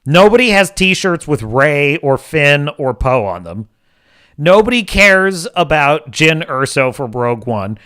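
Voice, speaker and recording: A man's voice: fairly high pitch, big pitch swings, a little slow, fairly bright tone, smooth. A male host giving sarcastic, mocking livestream commentary.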